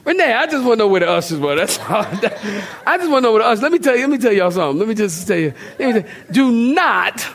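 A male pastor, preaching a sermon in a lively, joking way and talking straight to his congregation. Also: high voice, fast, hardly any pauses. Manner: animated, joking, talks directly to the congregation.

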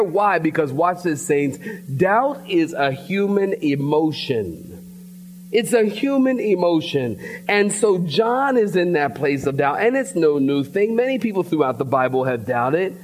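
A pastor from the preaching a sermon in church, telling a story in a lively way and calling out to his congregation. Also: high-pitched, a little hiss or hum. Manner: storytelling preacher, animated, addresses congregation directly. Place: church sanctuary.

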